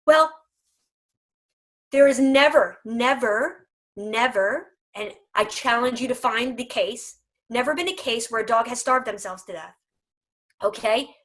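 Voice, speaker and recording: A woman's voice: on the high side, unhurried, a bit bright. A woman speaking for a dog food company in a casual video chat, emphatic, humorous and persuasive.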